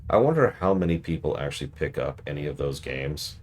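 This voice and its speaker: Deep-voiced male streamer, wry and ranting. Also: lively intonation, fairly quick, a little mellow, a little hiss or hum. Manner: wry, ranting, mocks the ads he criticizes. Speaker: game streamer. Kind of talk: casual commentary while playing.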